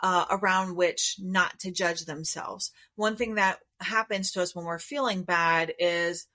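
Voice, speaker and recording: A woman therapist, a guest on a podcast interview, explaining her approach in a calm, measured way. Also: lowish voice. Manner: calm, measured, explanatory, acts out inner voices.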